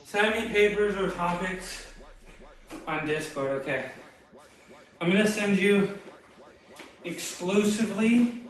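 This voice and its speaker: A man's voice: sits high, slow pace, long pauses, very echoey, recorded from a distance, poor audio. Breathless, laid-back man streaming from his garage. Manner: laid-back, chatty, greets viewers by name. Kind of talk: casual chat with live chat while lifting. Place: home garage gym.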